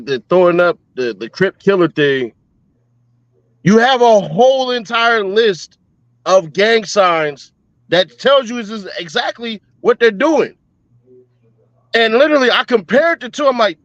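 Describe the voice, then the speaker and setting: A laid-back man hosting a casual chat, his voice set a little high for a man. He rambles and restarts his sentences, recorded dry and a bit dull. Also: fairly bright tone, dry recording. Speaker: host.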